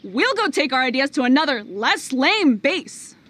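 A woman playing a young, sarcastic female soldier in an animated series, blunt and dismissive. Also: high voice, moderate pace, no room sound. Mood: snarky.

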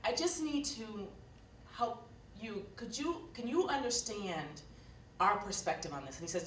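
A woman's voice: fairly high pitch, big pitch swings, a little slow, recorded from a distance, a little hiss or hum. Earnest woman telling a story in an echoey hall. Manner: earnest, conversational, with frequent fillers. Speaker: keynote speaker. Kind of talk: storytelling keynote address. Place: lecture hall. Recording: echoey hall recorded from afar.

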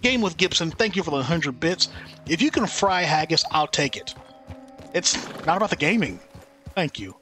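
A man's voice: a little high, sing-song, normal speed, pushed and bright, soft background music. A man streaming a video game, joking and rambling as he thanks chat by name. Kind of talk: casual live-stream chat.

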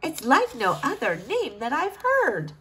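Storybook princess, young and bookish, voiced by a woman, high and lively, earnest. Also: a little slow, exaggerated voice. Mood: curious. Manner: earnest, pleading, rhymed verse.

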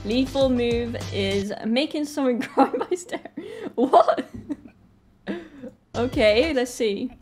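A chatty woman in her twenties from Britain talks her way through a video she is watching. Her voice sits slightly high and she laughs easily between remarks. Faint music runs underneath her. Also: animated, slow, darkish tone. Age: 20s. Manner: chatty, laughs often, reacts aloud. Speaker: reaction video host. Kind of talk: casual reaction commentary.

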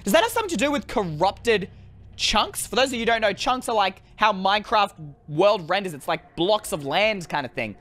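A woman giving chatty, animated let's-play commentary to her viewers, often exclaiming in excitement. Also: medium pitch, brisk. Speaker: gaming video creator.

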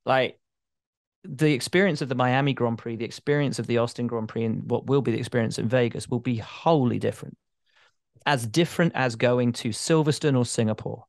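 A man's voice: medium pitch, fairly quick, no echo. Emphatic man, dry close sound. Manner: emphatic, expansive talker. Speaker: guest, motorsport reporter. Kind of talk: casual podcast chat.

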